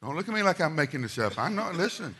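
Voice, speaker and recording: Bright-voiced storytelling male preacher. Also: a little high, big pitch swings, fast, husky. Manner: storytelling, swings from loud to hushed. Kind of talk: sermon.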